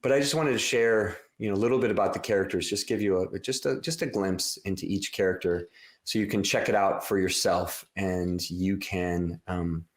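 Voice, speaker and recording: A man's voice: low-pitched, moderate pace, roomy sound. A man hosting his podcast, talking about his book in a loose, rambling way full of fillers and restarts. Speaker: podcast host and author. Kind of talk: casual podcast talk.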